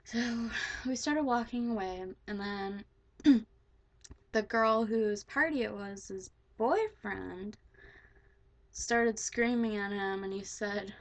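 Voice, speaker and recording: A woman's voice: mid-range voice, slow. A teenage girl casually telling a story to the camera, rambling with lots of "like" and swearing freely. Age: teens. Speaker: vlogger.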